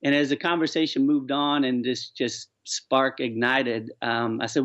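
A man's voice: medium pitch, fairly even intonation, unhurried, hardly any pauses, a bit bright. A man telling stories earnestly and with animation as an author guest on a radio interview. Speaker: author and charity founder, guest. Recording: dull lo-fi sound.

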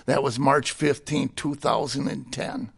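A man's voice: mid-range voice, fairly even intonation, unhurried, vocal fry, slightly rough. A middle-aged man giving a personal testimony in conversation, candid and plainspoken, with a chuckle between stories. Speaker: guest sharing his testimony.

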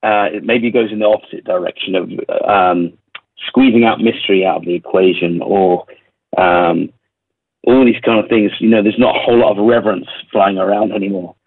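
A man from England with a London accent, a worship leader speaking in a radio interview, reflective and pausing with ums and repeated words. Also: lowish voice, steady tone, husky, dry recording, narrow, tinny audio. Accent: London English. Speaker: worship leader and recording artist.

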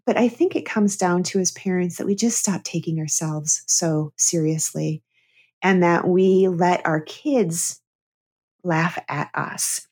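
A woman's voice: lowish voice, takes it slowly, darkish tone. A middle-aged woman, a therapist and comedian, telling a candid personal story as a guest on an interview show. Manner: earnest, candid storyteller who breaks into laughter.

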